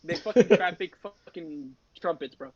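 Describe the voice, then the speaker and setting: A young man, a podcast host, telling a story in a casual, animated and profane way, often laughing. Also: on the high side, normal speed, a crowd in the background. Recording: dry, slightly dull podcast audio.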